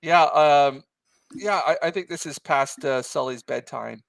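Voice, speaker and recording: A man's voice: on the high side, unhurried, vocal fry, a bit bright, no room sound. A middle-aged man hosting a live art stream, chatting casually and hesitantly with fillers while he draws. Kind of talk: casual chat while drawing.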